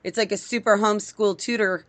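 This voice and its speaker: A woman's voice: medium pitch, steady tone, a little fast, a bit bright. A woman hosting a podcast, asking questions in an enthusiastic, effusive, casual way. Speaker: podcast host. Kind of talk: casual interview chat.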